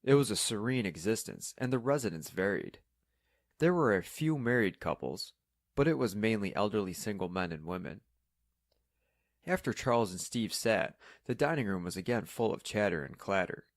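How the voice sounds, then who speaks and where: Brief: calm male narrator, low voice, dry close sound, steady storybook delivery. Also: moderate pace, dry recording. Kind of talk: scripted audiobook narration.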